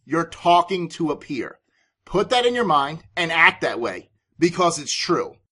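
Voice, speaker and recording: A man's voice: fairly high pitch, expressive, unhurried, pushed and bright, breathy edge. A man hosting a business podcast, giving sales advice in an emphatic, authoritative way. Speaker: podcast host and sales coach.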